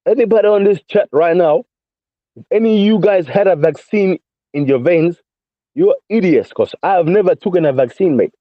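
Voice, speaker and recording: A man's voice: high voice, expressive, moderate pace, no echo. A man with a London accent calling into a voice chat, ranting combatively and repeating himself, calling everyone mate and bro. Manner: combative, repetitive, peppers speech with mate and bro. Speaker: caller in a voice chat. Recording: dull lo-fi voice chat audio.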